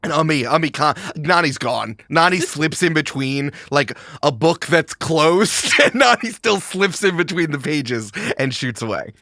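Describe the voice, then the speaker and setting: A man's voice: a little high, lively intonation, measured pace, few pauses, sharp tone, no room sound, clean studio sound. A man narrating as game master of a tabletop game, playful and enthusiastic.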